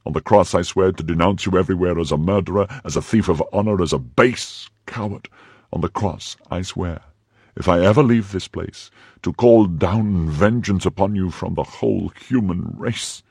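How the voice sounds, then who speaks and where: A man's voice: sits low, moderate pace, darkish tone, husky, dry recording, studio quality. A man reading the part of a proud, defiant young noblewoman held prisoner, speaking in impassioned, declamatory bursts in an audiobook.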